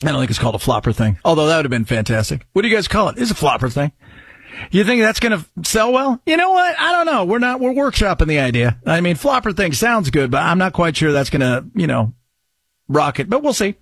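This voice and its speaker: Excitable talk radio host, man. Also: fairly high pitch, fast, slightly rough, no room sound, clean studio sound. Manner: excitable, jokey, riffing. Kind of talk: casual talk radio commentary.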